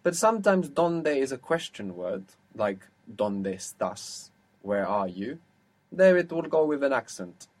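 A man teaching an audio language lesson, explaining patiently and slowing down on example words. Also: on the low side.

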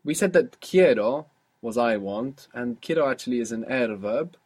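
A man's voice: mid-range voice, animated, normal speed, a little mellow, slightly rough. A man teaching a spoken language lesson, patiently prompting a student and repeating the answers.

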